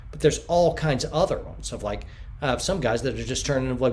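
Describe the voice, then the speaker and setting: A man in an interview who answers at length and acts out the quotes he tells, sometimes bursting out loudly. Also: mid-range voice, lively intonation, fast talker. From United States. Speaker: podcast guest.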